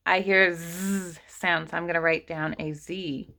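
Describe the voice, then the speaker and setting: A woman's voice: fairly low pitch, fairly even intonation, unhurried, vocal fry, sharp tone. A woman teaching an online kindergarten writing lesson, patiently sounding out letters and words for young children.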